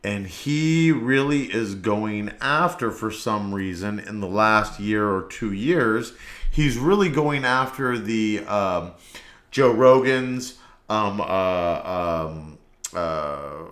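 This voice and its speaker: Low-voiced man rambling in an echoey room. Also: slow, fairly bright tone. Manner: rambling, meandering delivery. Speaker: podcast host. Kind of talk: casual solo podcast monologue.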